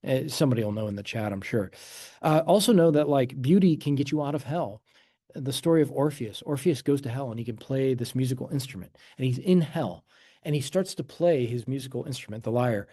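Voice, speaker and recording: A man with a mellow, relaxed tone speaks to an online audience in a loose, conversational way. He circles back on himself and adds asides. The sound is close and dry, with no room around it. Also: mid-range voice, brisk, slightly rough, no echo. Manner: loose and conversational, frequent restarts and asides, chuckles. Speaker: host and teacher of a letting-go method. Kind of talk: informal talk to an online audience.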